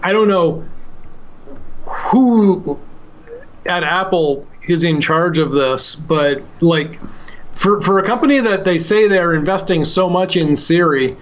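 Chatty man with a higher voice. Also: slow pace, muffled recording. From United States. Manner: chatty and rambling, laughs often. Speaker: podcast co-host. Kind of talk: casual podcast chat.

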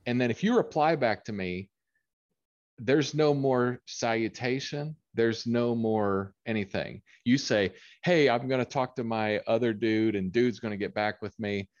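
A man co-hosting a casual podcast chat, explaining his approach in a measured way. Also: mid-range voice, no echo, muffled recording. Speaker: podcast co-host.

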